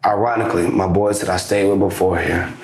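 A young man telling a story casually as a podcast guest, lively, acting out the back-and-forth he describes. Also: sits low, fairly quick, roomy sound. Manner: animated storyteller acting out quoted exchanges. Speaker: podcast guest, basketball influencer.

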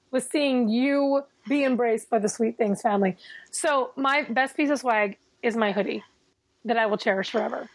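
High-voiced woman telling a playful story. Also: moderate pace, no echo. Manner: animated, playfully boastful storyteller. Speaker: podcast co-host. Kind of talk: casual chat.

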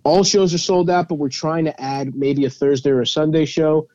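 Brief: a comedian teasing his co-hosts, a bit high-pitched, on a dry, muffled mic. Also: steady tone, normal speed, mellow, no room sound. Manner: teasing, laughing often. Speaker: stand-up comedian and podcast host. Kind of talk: casual comedic banter. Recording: dull lo-fi sound.

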